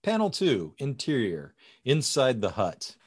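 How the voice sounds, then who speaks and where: A man reading comic script panel descriptions aloud in a lively way. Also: medium pitch, measured pace, slightly rough. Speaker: script reader.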